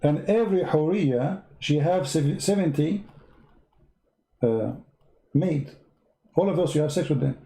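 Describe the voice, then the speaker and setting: Speaking at a normal speed with frequent pauses, this male host has a slightly high, dark-toned voice. He is a native Arabic speaker with an Arabic accent, delivering sarcastic religious commentary in broken English full of broken grammar and repetitive counting.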